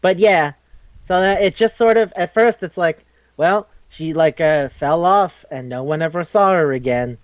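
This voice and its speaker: A man with a somewhat high voice talks casually on a podcast, rambling loosely, swearing and acting out quoted lines. The recording is dry and a little dull. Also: unhurried, no echo. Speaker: podcast co-host. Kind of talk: casual chat retelling a manga.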